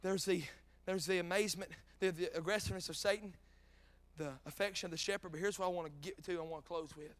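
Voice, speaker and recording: A man's voice: high-pitched, steady tone, quick pace. A middle-aged man with a North Carolina Southern accent, preaching a folksy revival sermon full of stories and joking asides. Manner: folksy, joking asides, rising to shouted peaks.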